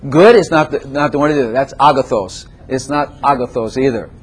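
A male preacher with a husky, slightly rough voice delivers a lively sermon to a congregation in a church room. He repeats his points, laughs between lines and throws questions at the listeners. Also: medium pitch, a little fast. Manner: animated, repetitive, laughs often and quizzes the congregation. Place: church room with chairs and a plant.

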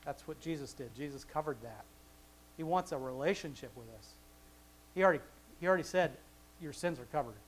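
A man reading scripture aloud and explaining it in a relaxed, conversational teaching style, with chuckling asides and frequent restarts. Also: fairly high pitch, brisk, long pauses, a little hiss or hum, rough recording. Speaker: Bible teacher. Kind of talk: casual Bible study teaching.

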